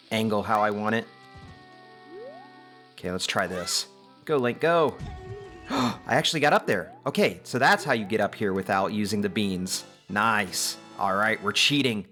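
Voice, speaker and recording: Chatty low-voiced man narrating gameplay. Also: a bit bright. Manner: chatty, upbeat, self-deprecating. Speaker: let's play host. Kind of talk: casual gameplay commentary.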